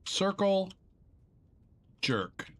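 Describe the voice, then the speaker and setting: A man's voice: high voice, very animated, drawn-out words. A male game streamer in casual live-stream chat, rambling and profane, joking and narrating his own clicks as he goes.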